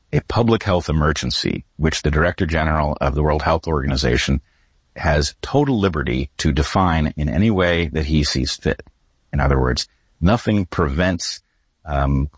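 A man with a very low voice speaks as an interview guest. He argues in a deliberate, grave, emphatic way. The sound is dry and close. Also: dry recording. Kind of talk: measured spoken argument.

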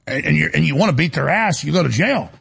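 A man's voice: on the high side, lively intonation, fast talker, creaky, fairly bright tone, slightly rough. A man hosting a talk show, intense and storytelling as he chats with a guest. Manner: intense, storytelling, acts out quotes. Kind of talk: impassioned talk show banter.

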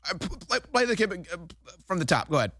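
A man's voice: high voice, sing-song, quick pace, pushed and bright, dry recording, clean studio sound. A man hosting a political talk show, delivering heated, sarcastic, indignant commentary.

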